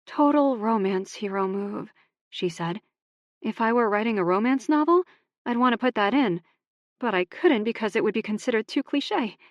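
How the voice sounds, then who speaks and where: A woman narrator voicing an upset young woman, with lines pitched high and spoken emphatically. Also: lively intonation, moderate pace, dry recording, muffled recording, lightly acted. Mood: wry. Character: young woman, upset and hurt, quick-tempered.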